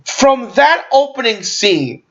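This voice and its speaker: A man's voice: extremely high pitch, sing-song, takes it slowly, a bit bright. A man giving a casual movie review, rambling and swearing, with lots of fillers and restarts. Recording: dull lo-fi recording.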